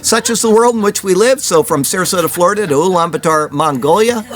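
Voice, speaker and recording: A man's voice: high-pitched, fast, a bit bright, slight background noise. A man hosting a weekly news commentary show, chatty and opinionated, with rambling personal asides. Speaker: host of a weekly prophecy news report.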